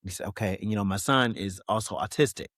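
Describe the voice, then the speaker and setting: A man's voice: on the low side, fast, a bit bright, no echo. Reflective man talking, dry close sound. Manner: reflective, with frequent "you know what I mean" fillers. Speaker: guest. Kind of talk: candid interview talk.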